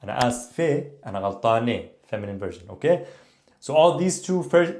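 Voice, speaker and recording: A man giving a language lesson, explaining phrases in a relaxed way and checking in often with the viewer. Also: mid-range voice, normal speed. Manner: relaxed explaining, repeating phrases, frequent "okay?" and "tamam?". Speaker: Arabic teacher. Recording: echoey room.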